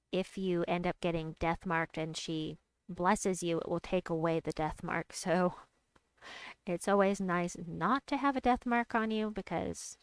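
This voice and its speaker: A young adult woman chatting casually while she plays a game, reading out and answering her chat and squealing with excitement at big moves. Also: on the low side, clean tone, no room sound. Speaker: game streamer. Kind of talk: casual gameplay commentary.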